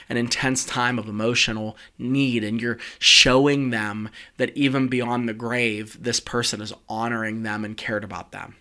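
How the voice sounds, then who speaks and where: A middle-aged man, an executive communication coach, giving direct conversational advice with lively asides. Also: mid-range voice. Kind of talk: coaching talk, advice on eulogies.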